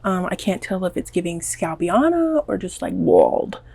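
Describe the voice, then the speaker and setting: A young Southern woman talks casually to her camera at home, chatty and nervous, poking fun at herself. Her voice sits a little low and carries a gravelly, husky texture. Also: big pitch swings, moderate pace, dark tone, no room sound. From American South. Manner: chatty, anxious, self-mocking. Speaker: beauty vlogger. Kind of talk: casual vlog chat.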